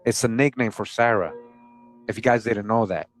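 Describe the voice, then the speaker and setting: A man's voice: fairly low pitch, normal speed, faint music behind. Chatty man hosting a history channel. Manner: conversational, keeps asking "right?", chuckles often. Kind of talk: casual commentary reading historical sources.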